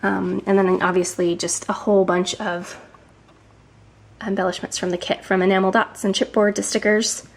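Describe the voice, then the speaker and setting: A woman's voice: medium pitch, level tone, moderate pace, gravelly. Slightly breathless woman chatting casually. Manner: chatty, with frequent ums and some whispered asides. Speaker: scrapbooking vlogger. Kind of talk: casual show-and-tell narration.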